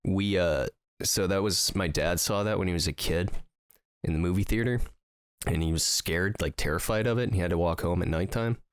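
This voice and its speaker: A man with a low voice rambles through a funny story on a casual podcast, full of fillers and bursts of laughter. The sound is dry and close. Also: a little fast, smooth, dry recording. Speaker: podcast co-host. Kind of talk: casual chat.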